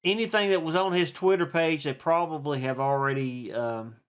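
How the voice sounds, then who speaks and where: Talking at normal speed in a smooth, fairly high voice, a stock and crypto host with an East Tennessee accent rambles through a laid-back vlog monologue. It's folksy and chatty, peppered with fillers and restarts.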